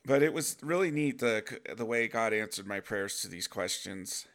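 A man's voice: lowish voice, animated, normal speed, fairly bright tone. A middle-aged man giving an earnest, emotionally open personal faith talk as host. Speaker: podcast host sharing faith testimony.

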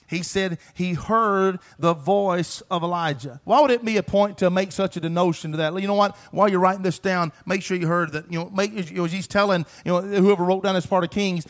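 Fervent high-voiced man preaching a sermon. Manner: preaches with rising, shouted emphasis and repeated phrases; reads scripture aloud and asks the congregation questions.

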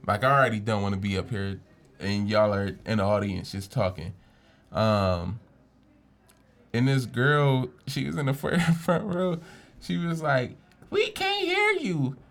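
A young man co-hosting a podcast in casual chat, an animated storyteller who swears freely and acts out what people said. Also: on the low side, measured pace, creaky. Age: young adult. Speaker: podcast co-host.

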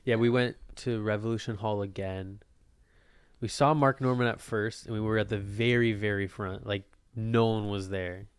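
A young man hosts a laid-back podcast with friends. His voice is smooth and clear, and the room sounds dry and close. He rambles, trails off mid-thought and drops casual swears. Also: on the low side, steady tone, moderate pace, dry recording. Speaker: podcast host. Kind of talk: casual chat.

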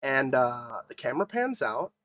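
A young man co-hosting a podcast, ranting with swearing and halting restarts. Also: medium pitch, big pitch swings, a bit bright. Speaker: podcast co-host. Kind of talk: casual podcast chat.

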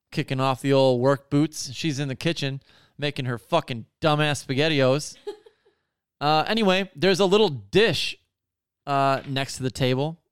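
A man's voice: fairly high pitch, clean tone, no room sound, studio quality. A man telling a long story in a casual, rambling way, swearing often and full of fillers. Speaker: podcast co-host telling a story.

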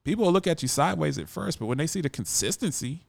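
Lively, emphatic radio host man. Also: a little high, fast talker, vocal fry, no echo. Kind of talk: casual monologue.

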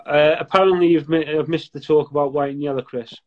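Guest slot: gruff-mouthed northern English man, Scouse-sounding accent, fairly high voice, muffled lo-fi webcam sound. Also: steady tone, fast, slight background noise. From northwest England, near Liverpool. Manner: blunt, profane, banter-heavy. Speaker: guest gecko breeder. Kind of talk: casual, sweary live chat. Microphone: webcam on a live video call.

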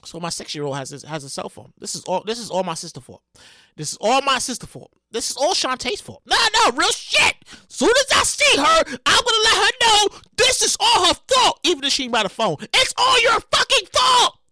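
In a fairly quick, sing-song, high and bright voice with pitch leaping all over, this show host rolls through a loose comedic monologue. He cusses freely, frequently stumbles and starts over, and lets out loud sing-song exclamations; the close, dry recording has no echo.

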